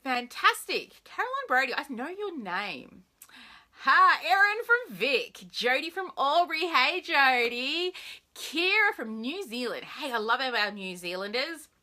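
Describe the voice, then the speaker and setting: Woman Australian live-stream host, bright and sparkly voice, lively and bouncy in pitch, chatty with viewers. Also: unhurried. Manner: bubbly, chatty, greets viewers by name.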